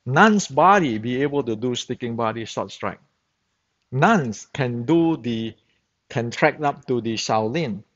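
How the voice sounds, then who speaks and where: A man whose first language is Chinese speaks slowly and deliberately at a mid pitch. He holds forth bluntly in simple, broken English, stumbling and repeating words as he goes. The recording sounds dull and muffled. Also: expressive. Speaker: Wing Chun instructor. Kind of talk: opinionated monologue.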